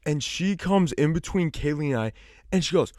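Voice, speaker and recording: A man's voice: a little high, animated, moderate pace, darkish tone, no echo. Young guy podcast cohost, rambly storytelling, dry close sound. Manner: rambling, filler-heavy, dramatic retelling. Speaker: podcast co-host. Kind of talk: casual storytelling.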